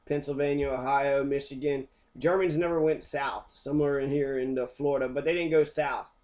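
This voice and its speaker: A man's voice: medium pitch, fairly even intonation, normal speed, a little mellow. A man teaching a history lesson as an angry, profane rant, swearing constantly.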